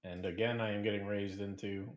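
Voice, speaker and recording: A man's voice: on the low side, level tone, a little fast. A man casually commentating his own online poker hands on a live stream, with playful sing-song announcer asides.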